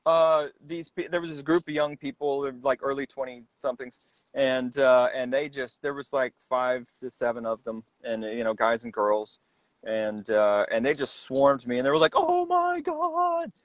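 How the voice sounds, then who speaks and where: A man guest telling stories in a casual interview, rambling and halting as he goes. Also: medium pitch, fairly even intonation, no room sound. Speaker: guest, celebrity impersonator. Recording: dull, dry lo-fi sound.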